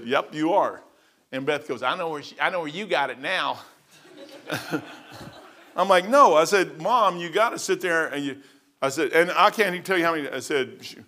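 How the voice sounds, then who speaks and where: A man preaching a folksy sermon, telling stories and breaking into sudden loud bursts. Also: fairly high pitch. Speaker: pastor.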